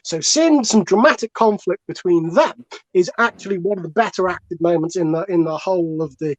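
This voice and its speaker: A man's voice: high voice, a little fast. A man talks through a comic podcast argument, rambling and digressing and swearing freely. The sound is dull and lo-fi, and the dry recording has no room echo at all. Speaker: comedian panelist.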